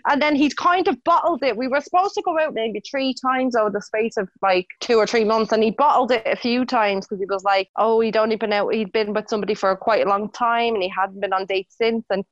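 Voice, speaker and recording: A young woman with an Irish accent tells dating stories in a relaxed, chatty way. Her voice sits a little high and sounds dry and close, with no room around it. She laughs easily as she talks. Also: fairly quick, few pauses, dry recording, muffled recording. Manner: chatty storytelling, laughs often. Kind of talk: casual chat.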